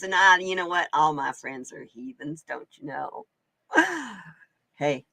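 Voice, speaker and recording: A woman from Oregon, USA hosts a live card-reading stream, chatting casually in an exclamatory way and laughing often. Her low voice is pushed and bright, with big pitch swings, a slow pace, creakiness, and frequent pauses, with no room sound.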